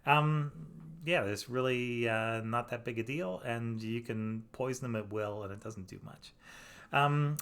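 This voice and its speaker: A man's voice: mid-range voice, unhurried, fairly bright tone, clear, resonant tone. A middle-aged man, a virologist, casually reads out viewers' questions and explains the science in a chatty way, with frequent ums and asides. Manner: chatty, many fillers, reads questions aloud and comments.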